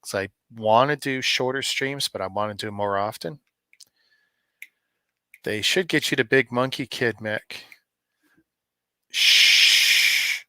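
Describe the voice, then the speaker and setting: Middle-aged man from Canada, joking streamer, bright forward tone, dry close sound. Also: medium pitch, slow, long pauses, no echo. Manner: rambling, joking, chats to viewers by name. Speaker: live streamer opening advent calendars. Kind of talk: casual live-stream chat.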